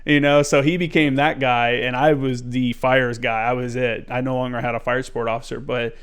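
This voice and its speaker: A man hosting a podcast, telling stories in an animated, casual way and swearing freely. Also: mid-range voice, fairly quick, clear, resonant tone. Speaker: podcast host. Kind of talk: casual conversation.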